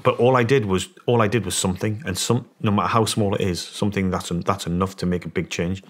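A middle-aged Englishman with a British accent, a former soldier appearing as a podcast guest, tells a story fast in a low voice. He's an animated storyteller who acts out the voices of the people in it during the interview.

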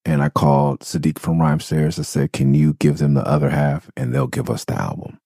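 A man's voice: extremely low pitch, expressive, a little fast, creaky, dark tone, husky, no room sound, studio quality. A man hosting a podcast, telling a candid story in a rambling, profane, loose way. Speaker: podcast host.

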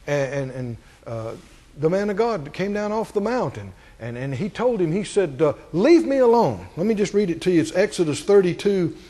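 A male pastor preaching a sermon to a congregation, asking them questions and climbing to high, emphatic peaks. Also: a little mellow.

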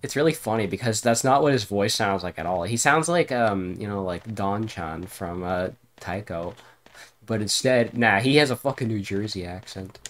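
A man's voice: on the low side, animated, normal speed. A man giving casual let's-play commentary on a horror game, thinking aloud and swearing often. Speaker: streamer playing a horror game.

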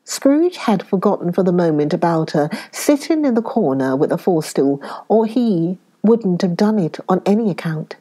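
A woman with a British accent reading a classic story aloud, slowing down on key words for emphasis. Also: on the low side. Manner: expressive, slows down for emphasis.

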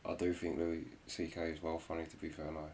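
Male reaction host, deep voice, laid-back and rambling, faint room noise. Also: monotone, fast, a little mellow. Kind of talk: casual reaction commentary.

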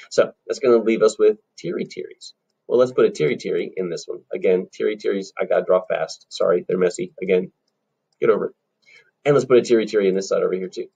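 A man teaches a children's rhythm lesson, chanting syllables and walking through the beats in an upbeat way. His voice is a little husky, and his pitch swings widely as he counts and claps along. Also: animated, fast talker, a little mellow. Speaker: music teacher.

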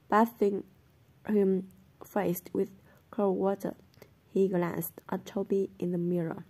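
A woman reading a novel aloud in a steady, unhurried way. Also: mid-range voice, husky. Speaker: audiobook reader.

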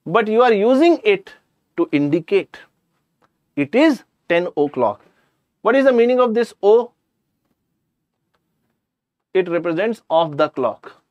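A man's voice: high-pitched, sing-song, measured pace, long pauses, a little mellow, no echo, lo-fi sound. A man with an Indian English accent teaching a live online grammar class, chatty, addressing students directly and slipping in jokes.

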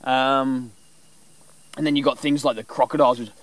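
A man casually explaining animal calls in a rambling, relaxed way with lots of fillers. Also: medium pitch, moderate pace, noisy background. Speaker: bushcraft vlogger.

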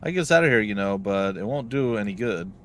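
A man's voice: fairly low pitch, expressive, quick pace, fairly bright tone, a little hiss or hum. A man voicing a cocky male thief in a game, wry and matter-of-fact.

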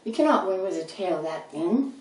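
Snooty chinchilla guy, slow n snide, lady reader, echoey. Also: medium pitch, expressive, a little mellow, lightly acted. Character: snide sneering male chinchilla. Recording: roomy sound, mic at a distance.

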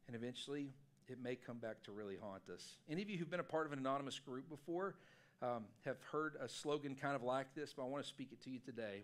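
A man preaching a sermon as pastor, telling a personal story in an animated, self-deprecating way. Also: mid-range voice. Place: church sanctuary.

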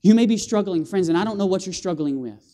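A man preaching an animated sermon in a church, calling for amens from the congregation and acting out scenes with sound effects. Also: high voice, fast. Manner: animated, with call-and-response and vocal sound effects. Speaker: guest preacher. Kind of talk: lively evangelistic sermon. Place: church sanctuary.

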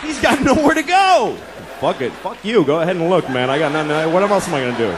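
A man's voice: a little high, very animated, fast talker. A man in his thirties doing stand-up comedy, exasperated and profane, acting out his own inner voices. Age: 30s. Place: comedy club stage with laughing audience. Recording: stage mic with crowd laughter and noise.

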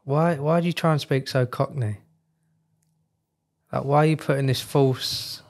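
A podcast co-host, chatting casually. He has a mid-pitched male voice and a dry, matter-of-fact delivery. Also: steady tone, measured pace. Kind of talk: casual chat.

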